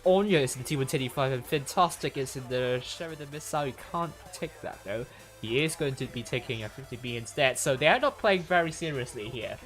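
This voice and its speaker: A man casting an esports match on a livestream, his pitch sitting in an ordinary middle range. He talks in a loose, rambling way, stumbling over words and restarting often. Faint music plays underneath. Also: expressive, a bit bright. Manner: rambling, halting, many fillers and restarts. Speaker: stream caster. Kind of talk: live esports commentary.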